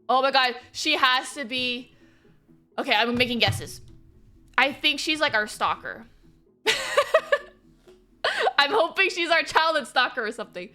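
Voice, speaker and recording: A bright, high-voiced woman streamer chatting and giggling as she plays. Her pitch swings widely as she reacts, with faint game music underneath. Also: sing-song, a little slow, pauses often. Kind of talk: casual live-stream commentary.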